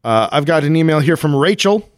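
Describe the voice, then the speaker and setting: A man's voice: a little high, animated, a little fast, dry recording, studio quality. A man co-hosting a casual podcast, reading listener mail with frequent laughter. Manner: upbeat, laughs often. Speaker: podcast co-host.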